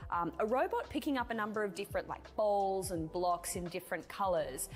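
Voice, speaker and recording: A woman's voice: mid-range voice, fairly quick, faint music behind. Woman reporting on tech. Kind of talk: news report narration.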